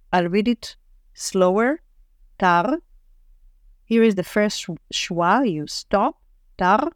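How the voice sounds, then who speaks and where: A woman gives a patient reading lesson, working through word lists one at a time and explaining how sounds join. She speaks very slowly, in a smooth, clear voice. The sound is dry and close. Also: mid-range voice, no room sound. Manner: patient, reads word lists aloud with pauses. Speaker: Hebrew reading teacher. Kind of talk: slow, careful reading lesson.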